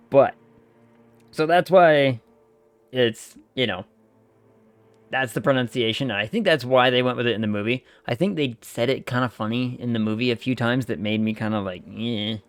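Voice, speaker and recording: A man's voice: mid-range voice, moderate pace, long pauses, clear, resonant tone, no room sound, faint music behind. A man streaming a game, chatting loosely with viewers and swearing casually. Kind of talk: casual gaming stream chat.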